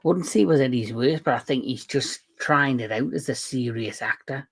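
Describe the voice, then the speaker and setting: A male movie-show host in casual conversation, voice sitting at an ordinary middle pitch. He jokes around and keeps restarting his sentences as he goes, loose and unscripted. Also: moderate pace, gravelly, breathy edge. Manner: jokey, talks with many restarts. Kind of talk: casual movie review chat.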